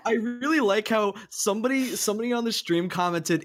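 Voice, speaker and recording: A podcast co-host on a live stream who giggles often and swears in quick outbursts. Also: medium pitch. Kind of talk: casual chat on a live stream.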